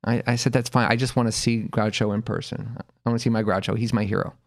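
Lively man telling a funny story. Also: lowish voice, fast, gravelly. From Los Angeles area. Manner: animated anecdote teller, acts out quoted voices, laughs often. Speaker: podcast guest telling a story. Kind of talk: casual storytelling.

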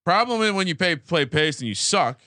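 A man co-hosting a sports betting podcast, joking, animated and swearing freely in casual chat. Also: fairly high pitch, brisk, no room sound, studio quality. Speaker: podcast co-host.

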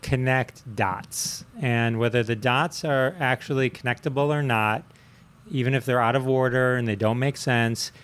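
A man's voice: medium pitch, steady tone, normal speed, a bit bright. A man hosting a casual interview chat, prompting his guest with examples.

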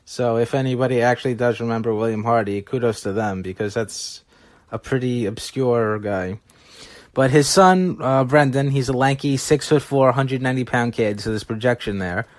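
A man's voice: medium pitch, moderate pace, dry recording. A man talking through baseball prospects in a casual, analytical way, now and then correcting himself. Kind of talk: solo scouting commentary.

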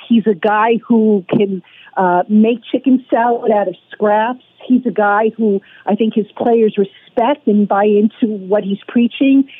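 Woman, radio guest, husky, confident, phone-line audio. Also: fairly high pitch, no echo. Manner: confident, emphatic. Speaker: podcast host guest. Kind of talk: radio interview.

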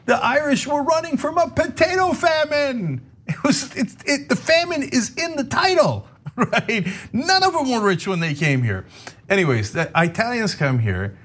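A middle-aged man hosting a podcast, chatting casually and telling animated food stories, laughing often and acting out other people's lines. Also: very high-pitched, normal speed. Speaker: podcast host. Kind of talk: casual chat.

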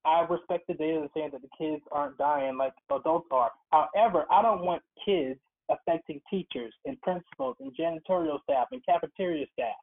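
A man's voice: fairly high pitch, brisk. A man calling in as a guest, telling his story in an earnest, emphatic way. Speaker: guest, occupational therapist. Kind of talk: casual interview by phone. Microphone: phone call. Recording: tinny phone line.

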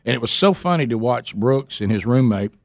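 A man's voice: mid-range voice, lively intonation, fairly quick, vocal fry, no room sound, studio quality. A man hosting a radio show, telling a story in a playful, teasing way and acting out the quotes. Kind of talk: casual on-air storytelling chat.

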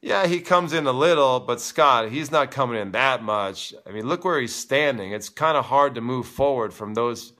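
A man's voice: mid-range voice, moderate pace, few pauses. A man hosting a live tennis show, talking casually and with strong opinions while he answers viewer comments. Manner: animated, opinionated, teasing.

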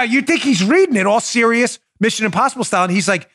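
A man's voice: very high-pitched, normal speed, hardly any pauses, no room sound, clean studio sound. A man hosting a political talk show, mocking his targets with sarcasm and acted-out scenes. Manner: sarcastic, animated, acts out scenes.

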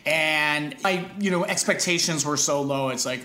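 A man with a slightly raised pitch tells stories in a loose, halting way, with frequent stops, restarts and easy laughter. He is recorded in a noticeably echoey room. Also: flat delivery, bright, forceful tone. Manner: rambling, halting, laughs often. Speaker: podcast guest, actor. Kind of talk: casual storytelling chat.

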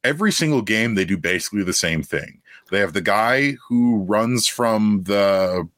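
A man's voice: on the low side, expressive, moderate pace, a bit bright, dry recording, studio quality. A young man co-hosting a casual sports podcast, riffing animatedly on ideas. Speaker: podcast co-host.

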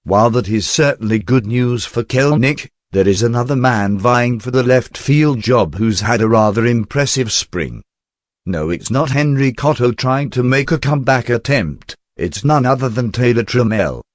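A man's voice: medium pitch, animated, normal speed, dry recording, studio quality, lightly acted. A man voicing a fussy, formal personal secretary who fills in as sports podcast host, with stiff, precise diction in a scripted comic read. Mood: prim.

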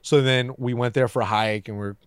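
A man's voice: mid-range voice, steady tone, a little fast, clear, resonant tone, no echo, studio quality. Young man telling casual stories. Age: young adult. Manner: loose, profane storytelling with many fillers. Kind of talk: casual chat.

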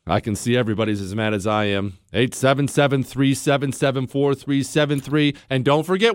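A man hosting a call-in radio show, indignant and incredulous, swinging from low mutters to loud outbursts into a studio microphone. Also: steady tone, a little fast, clean tone, no echo. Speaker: radio talk show host. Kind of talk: opinionated call-in talk radio.

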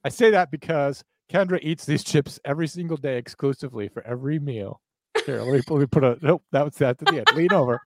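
Recorded dry, a slightly high, slightly mellow male voice speeds through podcast ads. The co-host plays the pitch for laughs, overselling on purpose in a relaxed, joking manner.

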